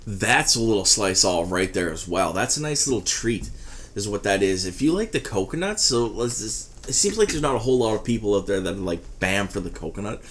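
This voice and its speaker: A man's voice: on the low side, expressive, fairly quick, a bit bright, a little hiss or hum. A man giving a rambling, casual product review, swearing freely as he talks. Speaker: e-liquid reviewer.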